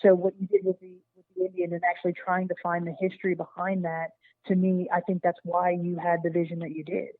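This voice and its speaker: A woman who is a paranormal investigator gives quick, encouraging comments to another guest during a radio talk show. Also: lowish voice, animated, dry recording. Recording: tinny phone line, dry.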